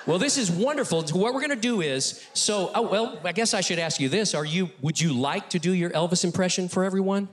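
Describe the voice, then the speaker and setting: A middle-aged male ventriloquist doing a comedy routine on a TV talk show stage. He is animated and often chuckles between lines. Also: sits high, brisk, few pauses. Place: TV studio stage with audience.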